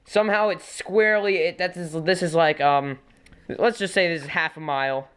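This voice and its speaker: A man's voice: a little high, normal speed, a bit bright, clean tone. A teenage boy in casual conversation, chiming in to fill in and correct the details of a shared story. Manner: chatty, interjects and corrects details.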